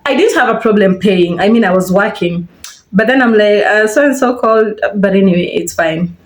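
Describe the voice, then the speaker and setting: A woman's voice: medium pitch, normal speed, reverberant. A young woman with a Kenyan accent tells a story in a casual, chatty way while she gets ready. She retells events with animation and puts a bit of life into the lines she quotes. The sound is a simple phone-camera recording. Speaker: vlogger. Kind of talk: casual storytime while doing her hair.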